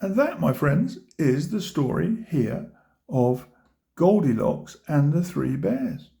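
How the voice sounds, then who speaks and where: A man reading a children's storybook aloud, gently pointing out the pictures to his listeners. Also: on the high side, sing-song, slow, gravelly. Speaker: storybook reader.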